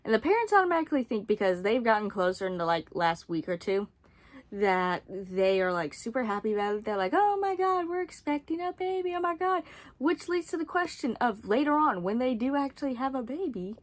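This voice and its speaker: A young adult woman with a fairly high-pitched voice chats casually while reviewing a book series. She's sarcastic and rambling, full of asides and frequent swearing.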